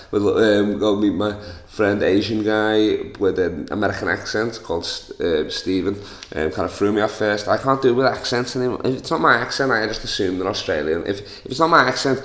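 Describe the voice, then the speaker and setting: Young Scouse male host, deep voice, rambling jokey swearing rant, echoey home room. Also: fairly bright tone. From Liverpool, England. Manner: rambling, joking, swears a lot. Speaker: podcast host. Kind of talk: casual solo podcast rant. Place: living room.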